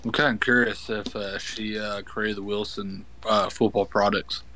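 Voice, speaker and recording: A man's voice: fairly low pitch, level tone, pushed and bright, rough recording. A man in a casual chat, stumbling over hard names as he reads and making offhand jokes. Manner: slow, stumbles over names, laid-back. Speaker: podcast co-host.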